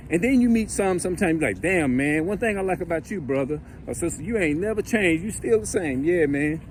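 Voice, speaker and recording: A man's voice: high voice, slight background noise. A man giving a rambling, conversational monologue, acting out greetings between neighbors. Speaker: religious commentator. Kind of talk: casual monologue.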